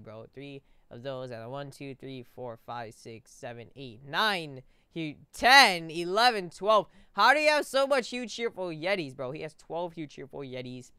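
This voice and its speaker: A man's voice: fairly high pitch, bright, forceful tone, smooth, no echo, clean studio sound. A man giving casual gameplay commentary as a video host, rambling, tripping over numbers and calling everyone "bro".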